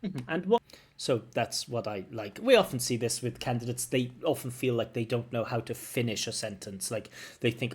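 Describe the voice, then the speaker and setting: A man's voice: medium pitch, animated, moderate pace, husky. A man giving frank, corrective feedback as a language examiner. He picks apart a recorded answer line by line. He hums the rhythm of sentences to show intonation. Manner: frank, corrective, demonstrates intonation with hummed syllables.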